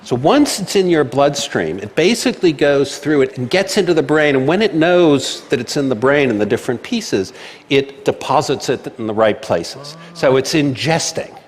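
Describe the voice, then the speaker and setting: A man's voice: medium pitch, expressive, normal speed, slight background noise. Man explaining confidently in a reverberant hall. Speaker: speaker. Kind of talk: talk and onstage Q&A.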